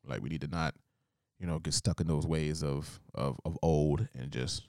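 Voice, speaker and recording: A man's voice: a bass voice, steady tone, normal speed, a little mellow, no room sound, studio quality. A man in casual chat, laid-back and easygoing, using slang.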